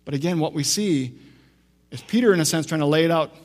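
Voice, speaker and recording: Higher-voiced male preacher in an echoing hall. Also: a little mellow. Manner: conversational preaching, unhurried, frequent restarts and asides. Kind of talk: sermon. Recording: long echo of a large hall.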